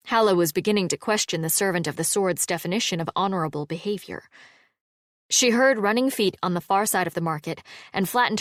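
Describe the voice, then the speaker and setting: Reading scripted narration, a woman audiobook narrator keeps a calm, measured storytelling pace. The voice sits fairly low, and the sound is dry and cleanly studio-recorded.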